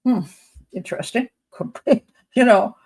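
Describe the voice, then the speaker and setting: Gravelly-voiced woman profiler, rambling chat. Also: fairly high pitch, measured pace, a little mellow. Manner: digressive and emphatic, thinking aloud. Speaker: criminal profiler hosting a patron hangout. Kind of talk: casual livestream talk.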